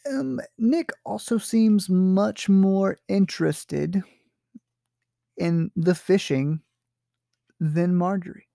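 Gravelly, hesitant literature teacher. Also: mid-range voice, slow, pauses often, warm tone, no echo, clean studio sound. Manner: hesitant, lots of fillers and checks with "right?". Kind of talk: literature lesson, explaining a story.

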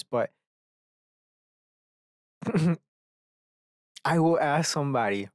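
A man with a medium-pitched, slightly mellow voice rambles through his solo podcast, swearing freely and stopping now and then to poke fun at himself. The recording is clean studio quality with no echo.

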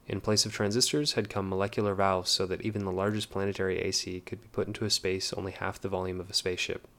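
A male narrator reading an audiobook with measured, steady delivery. His voice sits very low and stays level with little rise or fall. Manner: measured, even.

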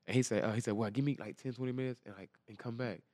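A man, telling a story as an interview guest in a lively, slangy way and acting out the quotes. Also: medium pitch, dry recording. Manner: animated, quick storytelling with slang and repeated quotes. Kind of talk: casual storytelling.

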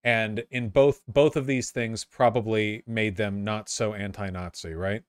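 A man with a fairly low voice reads a history text aloud, then drifts into offhand, sarcastic commentary. He stumbles and repeats words as he goes. The sound is dry, with no room echo. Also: fairly even intonation, unhurried.

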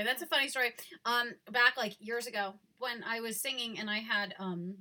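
A young woman co-hosting a casual podcast, chatty and rambling, quick to laugh. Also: on the high side, sharp tone. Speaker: podcast co-host. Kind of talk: casual chat.

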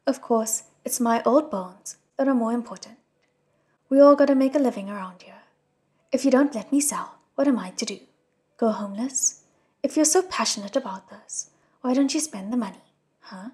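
A woman voicing a gruff, greedy old male scam cultivator in a storybook reading, quarrelsome and scornful. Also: a little high, moderate pace, darkish tone, natural voice.

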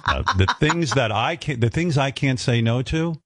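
A man's voice: medium pitch, normal speed, fairly bright tone, no echo, clean studio sound. A man hosting a radio show, telling blunt, profane stories in casual talk. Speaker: radio host.

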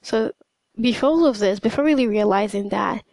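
A woman's voice: mid-range voice, normal speed, darkish tone, no echo, poor audio. A young woman talking casually in a hesitant monologue, full of fillers and restarts. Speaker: podcast host.

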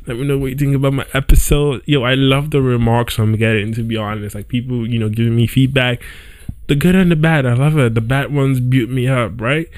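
Here the voice is mid-range, steady and darkish, moving fairly quickly with no echo. It belongs to a young man casually narrating a story on his podcast, frequently asking "right?" or tossing in "yo," recorded at home with a squeaky chair.

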